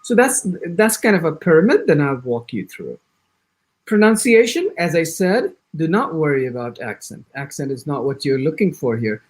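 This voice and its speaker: A man with an American accent giving an exam-prep orientation lecture, talking in quick bursts with frequent restarts and acting out sample answers. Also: on the high side. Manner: animated, talks fast in bursts with many restarts. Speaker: IELTS instructor.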